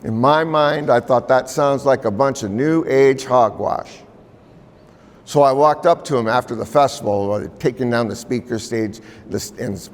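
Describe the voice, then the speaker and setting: A man from the Pacific Northwest telling a story to a live audience in an unhurried, conversational way, with repeated names and pauses. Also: mid-range voice. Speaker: storyteller and violinist. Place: large museum hall. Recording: long reverb in a large hall.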